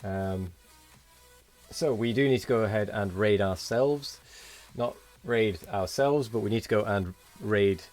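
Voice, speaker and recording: A man speaking in a fairly low voice, chatting loosely on a late-night game stream. He sounds tired and wanders from thought to thought while thanking viewers. Faint music plays under his voice. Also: measured pace, darkish tone. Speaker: streamer host. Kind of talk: casual live-stream chat.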